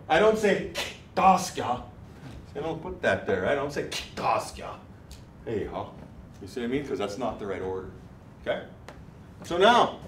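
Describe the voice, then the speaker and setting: A man teaching a language class, saying words slowly and clearly so the students can repeat them. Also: medium pitch. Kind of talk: classroom lesson. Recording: echoey room, mic far off, faint noise.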